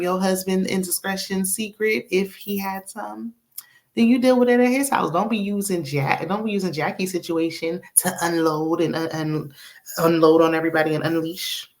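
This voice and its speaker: A woman host giving a sassy, chatty recap of a reality TV episode, with quick asides and laughs. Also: lowish voice. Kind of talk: casual recap commentary.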